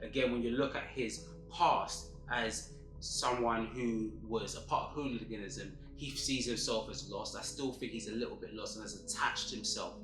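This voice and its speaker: A man giving measured opinion commentary as a show host, correcting himself as he talks. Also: lowish voice, fairly even intonation, a bit bright, echoey room, faint music behind, low-quality recording. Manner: measured, self-correcting, earnest.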